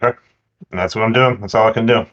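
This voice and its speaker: Low-voiced gamer on a dull mic. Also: male voice, fairly even intonation, fast talker, a bit bright, faint music behind. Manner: hesitant, checks rules before acting. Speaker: player. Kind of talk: tabletop game play.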